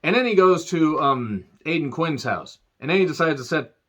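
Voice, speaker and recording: A man's voice: fairly high pitch, animated, moderate pace, a bit bright. A man giving a casual, profane movie review rant, sarcastic, with laughing asides. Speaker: film reviewer.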